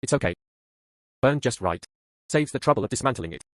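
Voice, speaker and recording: A calm, unbothered rich young man, read by a male dub voice, cool and matter-of-fact. The voice sits at a middle pitch and sounds dry and close. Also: brisk, no echo, lightly acted.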